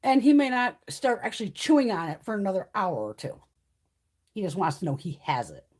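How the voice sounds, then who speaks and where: Hosting a casual chat on a live stream from home, this woman curses freely and laughs often. Her mid-range voice has big pitch swings and a darkish tone, and she speaks fairly quickly.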